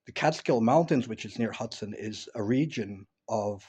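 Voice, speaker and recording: A man's voice: fairly low pitch, moderate pace, darkish tone, breathy edge. Rambling man telling stories at home. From upstate New York, USA. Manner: rambling, many restarts and fillers. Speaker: vlogger. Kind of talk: casual personal monologue. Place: at home, indoors.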